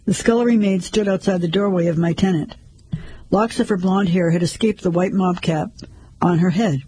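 A man narrating a first-person story in a measured, steady way. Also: sits high, husky, no echo, rough recording.

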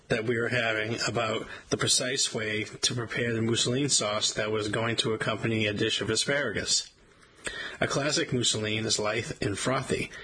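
A man reading a first-person memoir aloud in a wry, measured storytelling manner. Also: medium pitch, pushed and bright, a little hiss or hum, poor audio. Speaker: audiobook narrator.

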